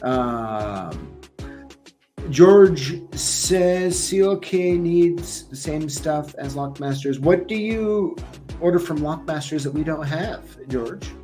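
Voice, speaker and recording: A man's voice: a little high, slow, mellow. Chatty male livestream host, faint music. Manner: chatty, rambling, with frequent ums and laughs. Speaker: show host. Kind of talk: casual livestream chat. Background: faint music playing.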